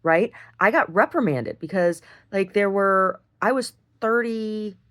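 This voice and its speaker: A woman, probably in her thirties or older, telling a frank, animated story in a casual video diary, full of "like" and "right?". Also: medium pitch, measured pace. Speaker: video diarist. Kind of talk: casual monologue.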